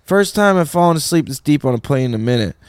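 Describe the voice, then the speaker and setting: Here another animated male co-host, fairly high-pitched and quick, narrates a story in relaxed conversation, mimicking the people involved and laughing a lot. His tone is clear and resonant, studio quality with no room sound.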